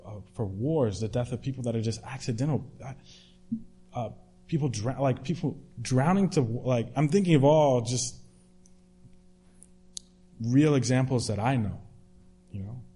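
A man's voice: medium pitch, warm tone, slightly rough. A man preaching a sermon in a conversational way, retelling a story with restarts and fillers.

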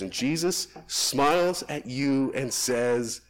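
A man preaching a sermon, rising to emphatic peaks and dropping to soft, hushed phrases, then praying slowly and quietly. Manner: lively, swinging between emphatic rises and soft hushed drops; soft, low, slow prayer voice. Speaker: pastor.

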